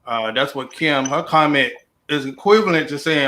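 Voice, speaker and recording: A man hosts a podcast panel discussion. His voice is bright and forceful, and he speaks in a measured way as he passes the floor to his guests. A faint hiss sits behind him. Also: a little high. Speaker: podcast host.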